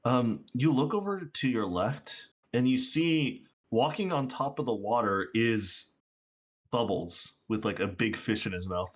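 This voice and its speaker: A man's voice: medium pitch, expressive, a little slow. A man narrating a tabletop game as game master, loose and full of fillers, on a dull lo-fi recording. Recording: dull lo-fi audio.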